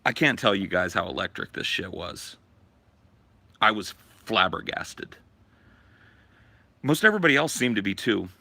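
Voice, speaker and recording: A podcast host telling a profane, animated story from his childhood in casual talk. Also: lowish voice, normal speed, vocal fry, long pauses, no echo.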